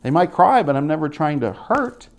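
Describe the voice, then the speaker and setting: A young man preaching with lots of energy. He swings his pitch up and down as he mimics parents and children, then drops into slow, earnest stretches. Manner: animated, acts out quoted voices, chuckles. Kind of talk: sermon.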